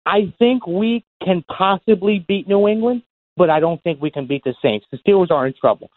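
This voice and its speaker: Heated New Jersey caller on a tinny phone line. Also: male voice, sits high, moderate pace, no room sound. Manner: insistent, heated. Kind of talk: call-in to sports radio.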